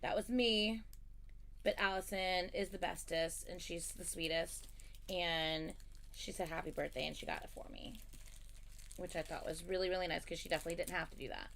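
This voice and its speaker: A woman's voice: on the low side, fairly even intonation, normal speed, gravelly, a bit bright, a little hiss or hum. A woman hosting a livestream, chatting casually and animatedly as she tells a story, swearing freely. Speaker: livestream host.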